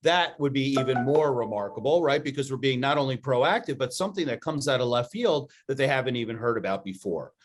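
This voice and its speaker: A man co-hosting a business podcast with an upbeat, enthusiastic delivery. His voice sits at an ordinary middle pitch for a man. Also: animated, fairly quick, hardly any pauses, soft background music. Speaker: podcast co-host.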